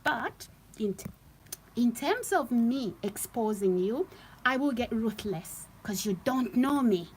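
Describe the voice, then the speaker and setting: A woman's voice: fairly high pitch, big pitch swings, unhurried, a little mellow, slight background noise, rough recording. A woman talking on a live stream to her viewers, emphatic and repetitive, often checking in with "okay?". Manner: emphatic, repeats phrases, frequent "okay?".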